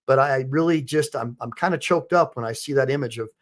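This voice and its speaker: A man's voice: mid-range voice, a little fast, a little hiss or hum. A man hosting a live stream with rambling commentary, full of fillers and restarts. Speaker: host, attorney.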